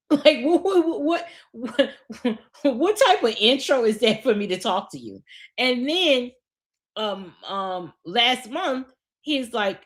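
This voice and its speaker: A woman's voice: fairly high pitch, unhurried. A woman hosting a podcast in casual chat, venting bluntly with lots of swearing and laughing at her own stories. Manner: animated venting. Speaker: podcast host.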